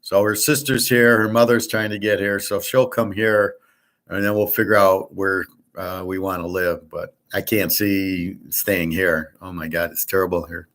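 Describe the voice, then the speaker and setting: A man's voice: sits low, steady tone, normal speed, fairly bright tone. A middle-aged man from the United States, hosting a betting show and telling a rambling story in a blunt, profane, indignant way. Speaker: sports betting show host.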